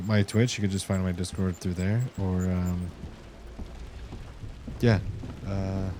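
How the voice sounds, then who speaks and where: A man's voice: fairly low pitch, background noise. A man streaming a game, rambling casually and chatting with viewers as he plays. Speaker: gaming streamer. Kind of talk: casual live-stream commentary.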